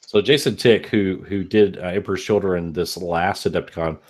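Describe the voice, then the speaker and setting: A man's voice: low voice, fairly even intonation, normal speed. A man from Texas hosting a casual live podcast chat, laid-back and swearing freely. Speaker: podcast host.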